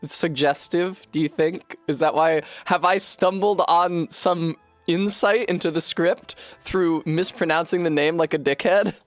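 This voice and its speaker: Streamer dude riffing and cussing while he plays, slightly high voice, lil game music under it. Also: steady tone, unhurried, dry recording. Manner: joking, profane, rambling asides. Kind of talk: casual chat while gaming on stream.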